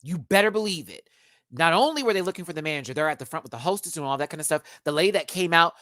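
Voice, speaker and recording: A man's voice: a little high, racing, no echo. Chatty man telling a story, dry sound. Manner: animated, chatty, addresses viewers as y'all. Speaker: live-stream host. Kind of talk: casual storytelling to a live chat.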